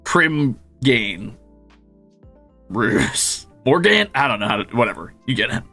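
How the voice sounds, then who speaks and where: A young man talks through a gaming stream, his voice gravelly and bright-edged. He tells stories in an animated, jokey way, swearing freely and swinging his pitch all over. Faint music plays under him. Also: slow pace. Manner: animated storyteller, jumps into high squeaky voices when quoting. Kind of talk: casual chat while gaming.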